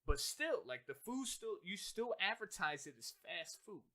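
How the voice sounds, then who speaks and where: A man rants on a casual podcast, and his voice sits high. He talks in loose, animated bursts, full of slang and swearing. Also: normal speed. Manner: animated ranting, heavy profanity, slangy. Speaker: podcast co-host. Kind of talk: casual chat.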